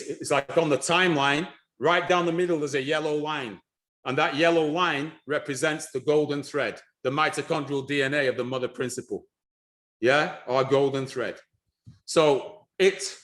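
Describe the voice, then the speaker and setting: A man giving a lively presentation on history and culture, animated and repeating himself, with frequent restarts. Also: fairly high pitch. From United Kingdom.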